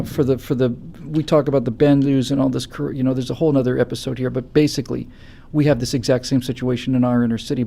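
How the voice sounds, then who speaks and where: A man hosting a political talk show, giving impassioned commentary with stammering restarts that build to loud, forceful stretches. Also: mid-range voice, gravelly. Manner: forceful, stammering restarts, rising to near-shouting. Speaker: show host.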